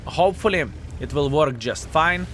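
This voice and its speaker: A man commentating his own video game match to viewers, animated and self-mocking, calling them fellas, with slightly non-standard English phrasing. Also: a little high, normal speed, slight background noise. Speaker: video game player and channel host. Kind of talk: live gameplay commentary.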